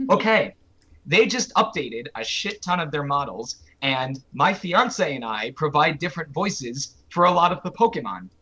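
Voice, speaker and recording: A man's voice: on the high side, sing-song, normal speed, bright, forceful tone, slightly rough, highs cut off. A man, a voice actor, chatting animatedly on a podcast and dropping into character voices. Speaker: voice actor guest. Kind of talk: casual podcast chat.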